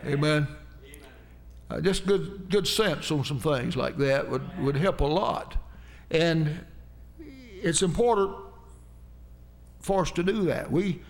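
Folksy preacher man, slightly high voice. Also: unhurried, vocal fry, pauses often. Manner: folksy, storytelling, calls out amen to the congregation. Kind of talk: folksy sermon with stories.

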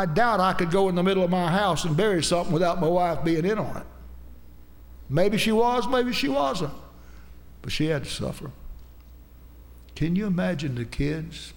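Man, preacher, sermon, gravelly, emphatic, long hall reverb. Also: fairly high pitch. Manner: emphatic preaching that rises into shouts. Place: church sanctuary.

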